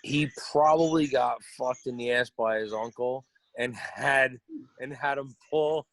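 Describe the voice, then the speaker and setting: A man co-hosting a casual podcast chat, blunt and profane, often bursting into loud laughter. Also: mid-range voice, measured pace, no room sound. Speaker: podcast co-host.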